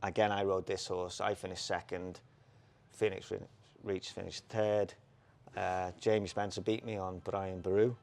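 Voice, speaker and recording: Ex-jockey co-host, low gravelly voice, spins animated stories from the road. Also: male voice, normal speed. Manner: animated anecdotes, laughs, quotes people in put-on voices. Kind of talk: casual storytelling chat.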